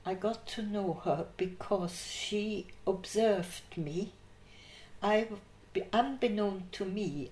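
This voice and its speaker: An older woman recounting her memories in an interview, telling lively anecdotes and laughing through her stories. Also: medium pitch. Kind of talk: oral history storytelling. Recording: echoey room.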